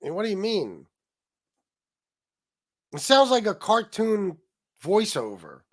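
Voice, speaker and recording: A livestream host rants in blunt, profane commentary, rambling through fillers. His voice is a little higher than most men's. The sound is close and dry, with no room around it. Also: wildly swooping pitch, slow, no room sound. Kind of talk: ranting commentary.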